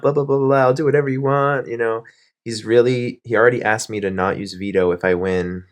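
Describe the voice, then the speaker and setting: A man in a game confessional, talking through his choices in a calm, reflective way. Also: sits low. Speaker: online reality game player.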